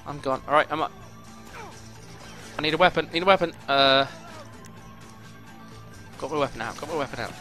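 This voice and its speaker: A man's voice: fairly high pitch, normal speed, long pauses, pushed and bright, soft background music. A young man commentating his own gameplay, swearing often and boiling over in frustrated outbursts. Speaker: gaming YouTuber.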